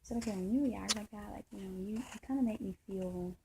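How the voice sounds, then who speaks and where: A woman vlogs a long, meandering personal story, sounding frustrated and stumbling through fillers and restarts in a casual monologue. Her mid-range voice is gravelly and fast, set against a noisy background.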